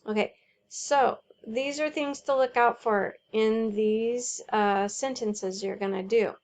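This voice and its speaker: A woman teacher explaining a homework sheet in a slow, careful way, walking through examples. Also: fairly high pitch, fairly even intonation, darkish tone, a little hiss or hum.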